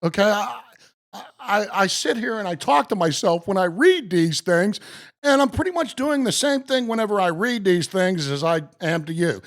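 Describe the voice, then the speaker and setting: A man live-streaming, joking with viewers by name and reading case law aloud slowly and with emphasis. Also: sits high, expressive. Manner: slow, emphatic reading of legal text.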